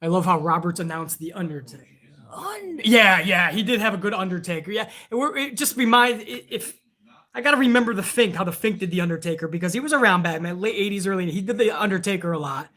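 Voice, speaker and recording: A man's voice: high voice, quick pace, hardly any pauses, pushed and bright. A man hosting a live wrestling stream, chatting casually and rambling with plenty of swearing while reading viewer donations aloud.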